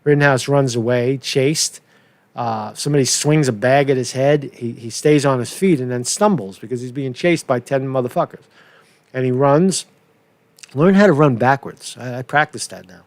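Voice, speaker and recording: A man's voice: mid-range voice, normal speed, dry recording. A man hosting a casual political commentary show, rambling and profane with many restarts.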